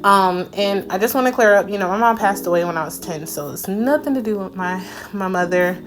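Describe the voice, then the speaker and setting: Woman vlogger, mid pitch, candid and faith-filled storyteller, music bed underneath. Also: a little fast. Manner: candid, emotional, faith-filled, many "you know" fillers. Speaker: cleaning vlogger. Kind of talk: personal storytelling vlog. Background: background music.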